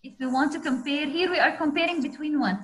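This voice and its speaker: A woman's voice: high voice, quick pace, a little hiss or hum, rough recording. A woman teaches a grammar class over a video call. She walks through each rule patiently, step by step. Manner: patient, explains rules step by step. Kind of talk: online grammar lesson.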